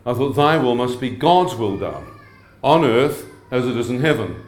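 A man's voice: mid-range voice, animated, normal speed, a little hiss or hum. Male preacher, testimony sermon, humorous, quizzes the audience, roomy church sound. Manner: humorous, asks the crowd frequent questions. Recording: echoey hall.

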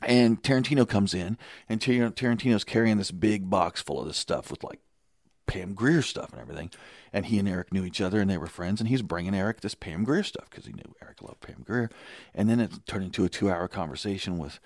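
A middle-aged man telling stories in a casual, animated, excitable way, acting out the quotes. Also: low voice, a little fast, dry recording, studio quality. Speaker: guest. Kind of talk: casual storytelling.

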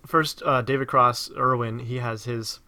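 A man co-hosting a casual film discussion, animated and laughing as he talks. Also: medium pitch. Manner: animated, laughing, quick to agree. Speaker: podcast co-host.

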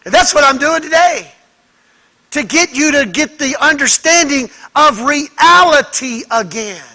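Speaking with lively intonation in a bright, very high voice, a male pastor gives an emphatic sermon. He takes his time, choosing words deliberately, and challenges the congregation with rhetorical questions to underline his points.

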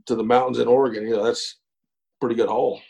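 Mellow-voiced storyteller. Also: male voice, medium pitch, little pitch movement, vocal fry, low-quality recording. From East Texas. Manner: unhurried, folksy yarn-spinner with frequent fillers and chuckles. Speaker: guest, former pro baseball pitcher. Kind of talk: casual storytelling interview.

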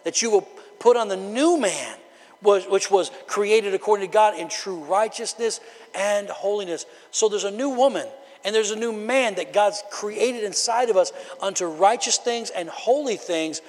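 Man, pastor, high voice, sermon, chatty preaching with loud shouted peaks, long church reverb. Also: normal speed. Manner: conversational preaching with rising shouted bursts. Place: church sanctuary.

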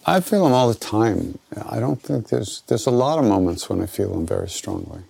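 An older American man with a gravelly voice, answering questions as a spiritual teacher in a relaxed, conversational way that often trails off and restarts. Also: on the low side, normal speed, no room sound. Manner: relaxed, conversational, self-interrupting. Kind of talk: informal spoken Q&A teaching.

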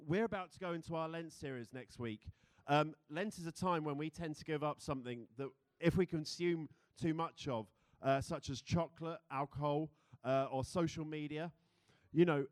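A young British man preaches a sermon with a chatty, playful manner, often breaking into laughter. His voice sits a little high. The sound is dry and close, with almost no room echo. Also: darkish tone. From Britain. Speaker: pastor. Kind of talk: sermon with a group game.

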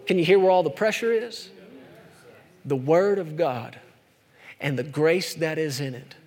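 A man preaching a sermon, emphatic and full of rhetorical questions, sometimes racing, sometimes slowing right down. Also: on the high side, long reverb tail. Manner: emphatic, rhetorical questions, shifts between fast and slow delivery.

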